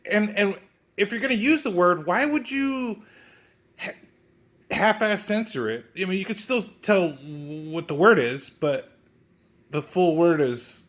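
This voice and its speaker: A man's voice: sits high, expressive, unhurried, a bit bright. A man reviewing a comic book in a mocking, sneering way, swearing often and restarting his sentences.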